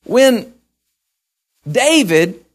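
Man preaching, folksy asides to the pews, higher voice that swings widely. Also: big pitch swings, extremely slow. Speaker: pastor. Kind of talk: sermon.

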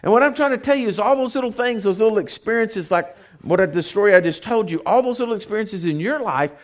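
Male preacher, animated, folksy storyteller, wide pitch swings. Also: fast talker. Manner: animated storytelling, acts out voices; folksy, conversational. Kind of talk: sermon.

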